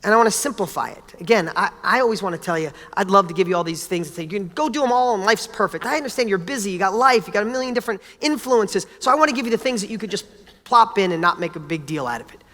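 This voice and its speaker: Animated man telling stories in a reverberant hall. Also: high voice, fast. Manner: animated, casual, blunt, with mild swearing. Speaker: motivational speaker. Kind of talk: motivational talk with personal stories.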